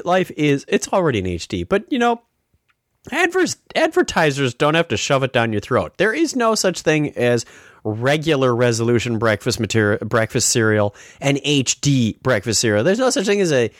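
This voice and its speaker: Animated podcast host ranting. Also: male voice, mid-range voice, moderate pace, no room sound, clean studio sound. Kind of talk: casual chat.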